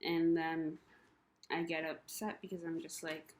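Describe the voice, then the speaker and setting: A woman's voice: sits low, level tone, unhurried. A young woman talking to camera in a rambling, emotional personal rant, full of ums and you-knows. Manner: rambling, confessional, many fillers; emotional, frustrated. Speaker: vlogger.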